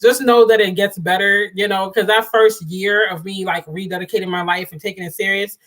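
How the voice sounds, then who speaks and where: Speaking fairly quickly in a medium-pitched voice, this woman hosts a livestream, laughing a lot. She keeps the casual chat lively and talks straight to her audience, calling them "y'all."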